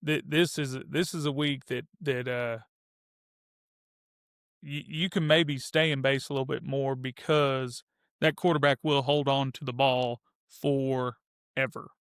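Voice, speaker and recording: A man co-hosting a football podcast speaks in a flat, even tone, working through his thoughts aloud with small restarts. His voice is smooth and clear, recorded close and dry. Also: medium pitch, a little slow, no echo. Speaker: podcast co-host. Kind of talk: casual football analysis chat.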